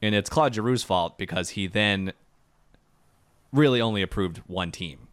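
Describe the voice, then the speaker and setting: A man co-hosting a podcast in casual chat, telling jokey stories in an animated way. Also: fairly low pitch, moderate pace, no room sound. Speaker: podcast co-host.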